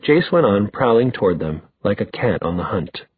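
Breathy man narrating a novel. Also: lowish voice, very animated, normal speed, no echo. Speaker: audiobook narrator. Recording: dry tinny phone-like sound.

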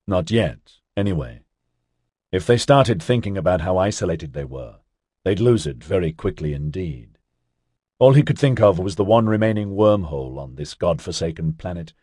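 A man with a very deep, husky voice reads a science-fiction novel aloud, keeping an even storytelling pace. The sound is dry and close, with no room around it. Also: dry recording. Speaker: audiobook narrator. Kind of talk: scripted narration.

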